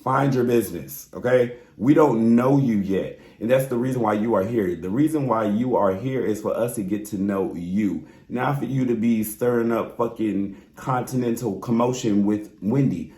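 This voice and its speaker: A man's voice: lowish voice, normal speed, hardly any pauses, mellow. A man giving a blunt, sassy, profanity-laced recap of a reality show, talking straight to his viewers. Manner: sassy, blunt and exasperated, swears freely, talks straight to viewers. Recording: roomy echoey room.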